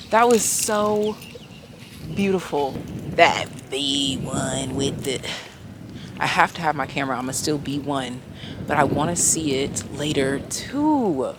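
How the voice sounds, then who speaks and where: A woman's voice: deep voice, background noise. A young woman vlogging outdoors at a park into a handheld camera, slangy and swearing freely as she thinks aloud. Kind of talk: casual vlog talk.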